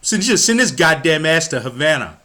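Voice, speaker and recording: A man's voice: fairly high pitch, sing-song, fairly quick, pushed and bright. A man from the United States ranting about politics, heated and profane, stumbling over his words as he gets worked up. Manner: stumbles and restarts when worked up. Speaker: political commentator. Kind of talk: angry political rant.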